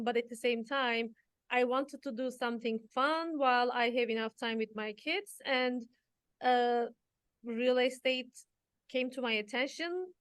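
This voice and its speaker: A woman's voice: a little high, a bit bright, no room sound. A woman from Turkey with a Turkish accent, a real estate broker answering interview questions in an earnest, candid way.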